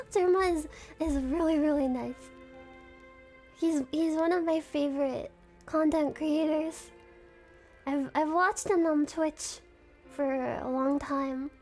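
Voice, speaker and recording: Very high-voiced giggly woman streamer. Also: steady tone, slow pace, long pauses, darkish tone, faint music behind. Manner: giggly, rambling, self-conscious fangirling. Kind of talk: casual live-stream chat.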